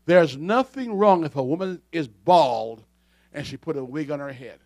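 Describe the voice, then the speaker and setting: Fiery high-voiced male preacher. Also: animated, moderate pace, dry recording. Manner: fiery, swings from low asides to shouting. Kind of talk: sermon.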